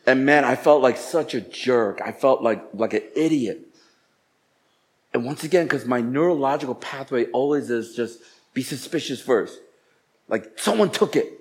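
A man casually telling a personal story in an animated way, acting out what people said with sudden jumps in pitch and volume. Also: moderate pace. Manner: animated, acts out dialogue with jumps in pitch and loudness.

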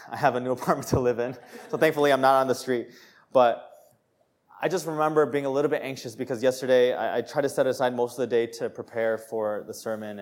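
A young man preaching a sermon, telling a personal story with laughter and rising to joyful shouts. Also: mid-range voice. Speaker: pastor.

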